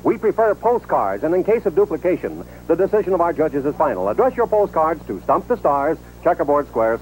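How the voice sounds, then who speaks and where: A man announcing the show's prizes and rules in a smooth, measured, scripted delivery. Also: a little high, a little mellow, a little hiss or hum, rough recording.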